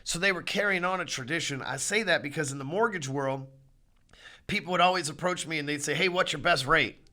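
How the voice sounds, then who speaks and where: A man's voice: fairly high pitch, fairly quick. A middle-aged man hosting a podcast, ranting bluntly about sales and swearing freely. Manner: blunt, swearing, heated, climbs louder when riled. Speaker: podcast host. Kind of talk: profane motivational sales rant.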